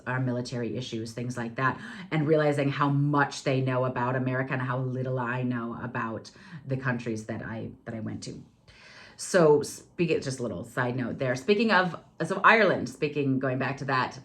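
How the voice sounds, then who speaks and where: A woman in her forties from California with a Californian accent, hosting a podcast in a casual, animated storytelling monologue. She talks fast and says "like" a lot. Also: a bass voice. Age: 40s. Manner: animated, outgoing. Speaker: podcast host.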